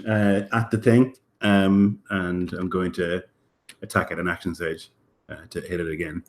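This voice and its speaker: A man's voice: low voice, little pitch movement, measured pace. A man playing a tabletop game, casually describing his character's moves and dice rolls. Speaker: player.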